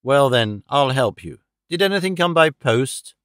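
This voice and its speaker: A man's voice: medium pitch, lively intonation, measured pace, fairly bright tone, smooth, no echo, studio quality. A man voicing a cold, gloating middle-aged male villain who mocks and menaces his dying victim. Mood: menacing. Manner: sneering, menacing, mocking.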